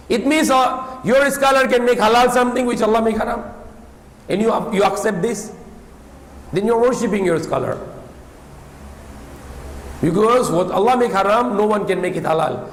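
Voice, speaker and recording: High-voiced man preaching in an echoey hall. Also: normal speed, long pauses. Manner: emphatic, repeats points, non-native English with some Tagalog. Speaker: Islamic preacher. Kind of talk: sermon lecture.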